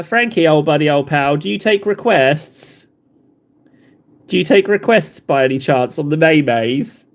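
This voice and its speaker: A man hosting a casual livestream while painting models, playful and joking, laughing often. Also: on the high side. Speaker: livestream host.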